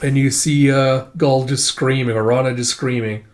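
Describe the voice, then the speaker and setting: A man's voice: medium pitch, moderate pace. A man casually retelling a comic book volume, introducing each line with "it's like". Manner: casual, uses "it's like" to introduce lines, animated. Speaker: comic recap host.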